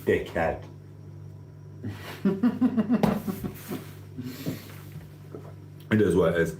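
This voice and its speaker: A man with a lowish voice speaks at a moderate pace while hosting a casual livestream, reading out comments and ranting bluntly with cheeky swearing. The room is echoey, with a faint hum underneath.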